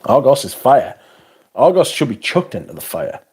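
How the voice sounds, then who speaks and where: A man's voice: medium pitch, sing-song, moderate pace, darkish tone, husky. A British man hosting a casual livestream, reading chat and answering in a blunt, sarcastic, sweary way.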